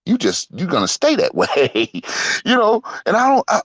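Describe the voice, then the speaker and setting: Heated profane man with lively pitch. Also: normal speed, dry recording. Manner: heated, profane, swings from loud to muttering; lively pitch, laughs between points. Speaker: online show host. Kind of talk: casual rant.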